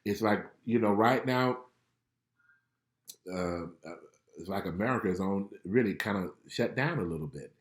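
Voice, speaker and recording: Man, spiritual life coach, live prophetic reading, chatty, laughs a lot, lowish voice, roomy echo. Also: lively intonation, moderate pace, long pauses. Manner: casual and chatty, laughs often, keeps checking in with "okay?". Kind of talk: live prophetic reading answering viewer questions.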